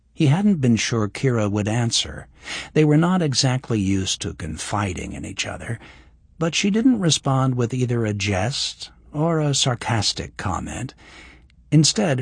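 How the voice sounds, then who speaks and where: A man's voice: medium pitch, breathy edge, no room sound. A man narrating a fantasy novel as an audiobook, reading scripted narration. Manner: even storytelling, voices the characters.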